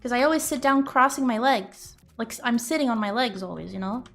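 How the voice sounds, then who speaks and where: A woman's voice: on the high side, a little fast, vocal fry, a bit bright. A young woman streaming, chatting casually and rambling with giggles and loose swearing. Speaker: streamer and artist.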